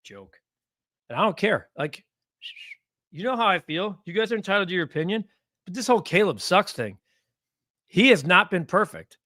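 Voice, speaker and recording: A man's voice: high voice, moderate pace, long pauses, dry recording, studio quality. A man hosting a casual live sports talk stream, reading comments and getting heated as he rants. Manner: animated, gets heated and rants.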